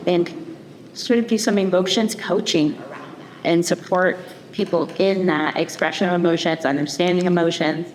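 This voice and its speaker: A woman panelist with a slightly low voice speaks earnestly, posing questions and checking in with the audience. A long hall reverb and faint noise sit behind her. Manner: earnest, rhetorical questions with "right?". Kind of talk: panel discussion. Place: community event hall.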